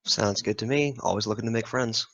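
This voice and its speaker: Very low male player with a forceful tone, dry close sound. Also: brisk, gravelly, no room sound, poor audio. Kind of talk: tabletop game chat.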